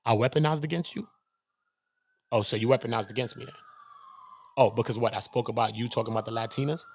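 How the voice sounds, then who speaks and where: This channel host rants heatedly on a livestream, swearing and confronting while he tosses off rhetorical questions. He's a fast talker with a medium-pitched voice.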